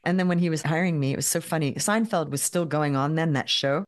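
A woman's voice: low-pitched, fast. A woman in her fifties, a podcast guest telling chatty anecdotes full of "like" and "you know.". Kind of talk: casual storytelling interview.

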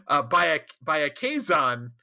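A man co-hosting a casual podcast, recapping an episode in an animated, laughing and profane way. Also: fairly high pitch, a little slow, gravelly. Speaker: podcast co-host. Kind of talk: casual chat.

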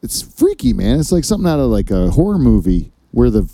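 A man's voice: medium pitch, sing-song, a little fast, dark tone, no room sound. A man hosting a casual comedy podcast, telling long rambling stories full of swearing. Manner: rambling, profane storyteller. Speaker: podcast host.

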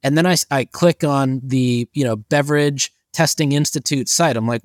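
A man co-hosts a casual business podcast, spinning anecdotes and quoting his own disbelief with plenty of swearing. His voice sits at an ordinary middle pitch. It is recorded close and dry, with no room sound. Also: moderate pace, few pauses, dry recording. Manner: profane storyteller acting out his own reactions in quotes. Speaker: podcast co-host.

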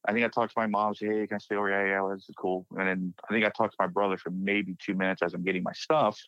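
A guest with a lowish male voice shares a personal paranormal story in casual spoken storytelling, talking fast and animatedly acting out his friends' panicked quotes. It's recorded on a dry, dull lo-fi podcast mic with no room sound.

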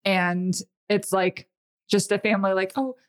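A woman from Texas, a podcast guest with a mid-pitched voice. She answers thoughtfully and at a measured pace, pausing to think before she speaks. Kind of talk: casual chat.

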